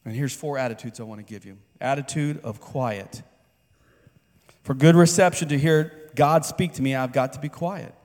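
A man's voice: mid-range voice, normal speed, a little mellow. Guy preaching at church, chatty, keeps asking the crowd stuff, long echo off a big hall. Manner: conversational, asks the congregation questions. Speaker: pastor. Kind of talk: sermon. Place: church sanctuary. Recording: long reverb of a large hall.

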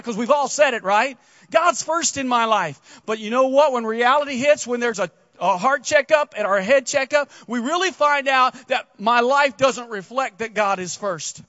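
High-voiced male pastor preaching earnestly. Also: pushed and bright, dry recording, dull audio. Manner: earnest, conversational, addresses the congregation directly. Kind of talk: sermon.

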